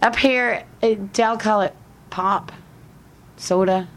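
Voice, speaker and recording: A woman's voice: medium pitch, fairly even intonation, slow. Chatty woman with a northern-southern mix. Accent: mixed Western New York and Alabama southern. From Buffalo, New York area. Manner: chatty, laughs often, plain-spoken. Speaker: interviewee. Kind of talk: casual conversation.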